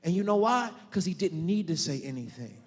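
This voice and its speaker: A high-voiced man preaches with fervor, turning straight to his congregation as their pastor. His voice carries a long reverb through the church hall around him. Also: sing-song, fairly quick. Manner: fervent preaching, addresses the congregation directly. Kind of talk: sermon.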